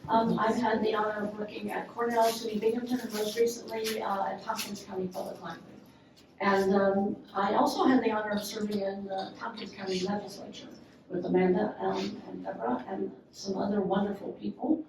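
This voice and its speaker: Gravelly older Southern woman, echoey hall. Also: medium pitch, noisy background. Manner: chatty with many ums, then steady measured reading. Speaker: author and librarian. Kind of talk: casual introduction, then reading her memoir aloud. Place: event room at a literary festival. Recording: echoey hall, voice from far off, faint ambience.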